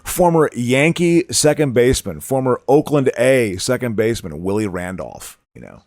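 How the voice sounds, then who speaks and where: A man's voice: mid-range voice, animated, moderate pace, a little mellow, no echo, studio quality. A man from the Chicago area hosting a podcast, rambling and laughing often as he chats. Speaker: podcast host. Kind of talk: casual chat.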